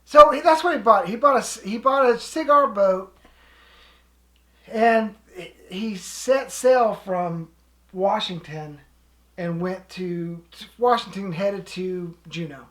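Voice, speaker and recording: A woman's voice: medium pitch, takes it slowly, a bit bright. A woman casually telling a story in a chatty, rambling way, with frequent restarts. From living in Alaska. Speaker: co-host.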